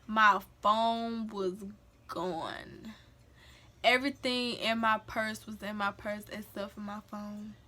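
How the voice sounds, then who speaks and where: A young woman, telling a dramatic personal story in an animated, emphatic vlog style. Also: medium pitch, slow pace. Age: young adult. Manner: animated, emphatic, dialect-rich retelling. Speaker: storyteller vlogger. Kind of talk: casual storytime.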